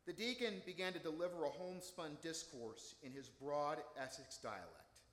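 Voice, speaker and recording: A man preaching a sermon and telling a story in a measured, earnest way. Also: a little high, lively intonation, a bit bright. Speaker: pastor. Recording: echoey hall with long reverb.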